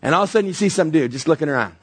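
Husky-voiced pastor preaching animatedly. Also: male voice, a little high, racing. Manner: animated storytelling with acted-out voices. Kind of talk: sermon.

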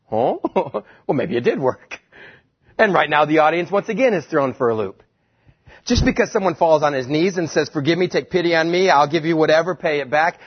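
Husky, animated male preacher. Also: a little high, highs cut off. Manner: animated storytelling, acts out quotes. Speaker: pastor. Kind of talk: sermon.

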